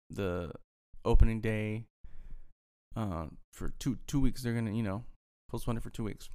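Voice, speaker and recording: Gravelly man ranting heatedly. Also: fairly low pitch, a little mellow. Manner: heated, profane, repetitive ranting. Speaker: sports fan venting. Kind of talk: casual rant to camera.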